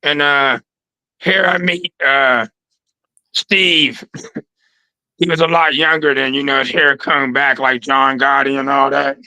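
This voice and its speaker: A man in a casual interview, telling stories in an animated, slangy way from his trophy room. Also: mid-range voice, takes it slowly, pauses often, clean tone, no room sound, low-quality recording. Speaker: guest.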